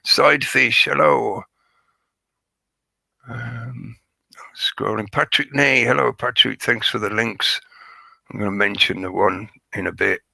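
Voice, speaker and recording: Male stream host, hoarse, gravelly, bright edgy tone, dry close sound, chatty and joking. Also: medium pitch, fairly even intonation, measured pace, pauses often, dry recording. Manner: chatty, joking, greets viewers by name. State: hoarse, crackly voice. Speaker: livestream host. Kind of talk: rambling live-stream chat.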